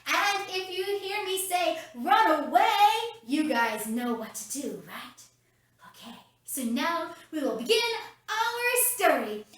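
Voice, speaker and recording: Woman, children's storyteller, upbeat, talks to kids, high voice, far from the mic. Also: a bit bright. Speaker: children's ministry leader. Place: at home, roomy indoor space. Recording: very echoey room, mic at a distance.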